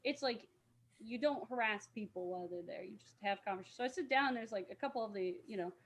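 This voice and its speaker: A chatty woman with a somewhat high voice spins long, wandering anecdotes in a relaxed podcast conversation. She leans on plenty of fillers and breaks into laughter often. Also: quick pace, a little hiss or hum. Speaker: podcast guest, cosplayer. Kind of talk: casual storytelling chat.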